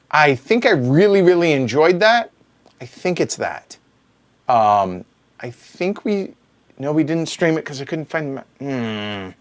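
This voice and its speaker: Animated man reading out viewer questions. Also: fairly high pitch. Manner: reads chat questions aloud and answers with joking asides. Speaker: board game show host. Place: home streaming room.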